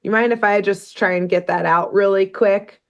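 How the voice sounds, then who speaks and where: A woman's voice: medium pitch, fairly even intonation, moderate pace, muffled recording, natural voice. A woman quoting a shifty bulldog gangster. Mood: sly. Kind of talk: podcast retelling of a cartoon.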